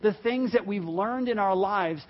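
High-pitched male pastor, chatty sermon delivery, slightly muffled recording. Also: measured pace. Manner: conversational, repeats words, acts out quoted people.

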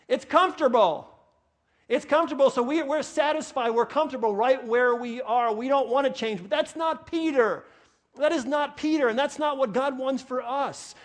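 High-voiced preacher with a New York accent. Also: male voice, moderate pace. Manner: animated, repeats phrases when worked up. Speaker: pastor. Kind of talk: sermon.

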